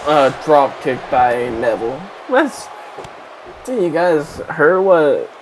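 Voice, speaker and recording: A man's voice: a little high, a little hiss or hum, rough recording. A man giving rambling, casual gaming commentary, swearing constantly. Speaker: gameplay commentator.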